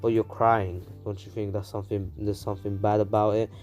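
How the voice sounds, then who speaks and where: A man voicing a bitter, withdrawn young male ninja in a low, subdued mutter while retelling a fan story. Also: level tone, fairly quick, a little mellow, soft background music, close to an everyday voice. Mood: polite.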